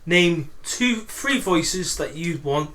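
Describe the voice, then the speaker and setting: A man co-hosting a podcast, bantering excitably and swearing a lot. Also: on the high side, slow. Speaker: podcast co-host. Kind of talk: casual banter.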